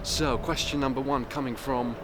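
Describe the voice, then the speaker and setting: A man's voice: medium pitch, fairly even intonation, moderate pace. A young man, not a native English speaker, chatting wryly and rambling as he vlogs while walking outdoors. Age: young adult. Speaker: vlogger. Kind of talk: walking vlog. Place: outdoors on city streets. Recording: loud street noise outdoors. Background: loud traffic and street noise.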